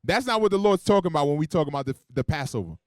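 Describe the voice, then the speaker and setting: A man preaching a sermon, calling on a reader for verses and joking in between, swinging from loud emphasis to quiet asides. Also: fairly high pitch, animated, rapid-fire, no room sound, clean studio sound. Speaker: preacher teaching a Bible class. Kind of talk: sermon with call-and-response scripture reading.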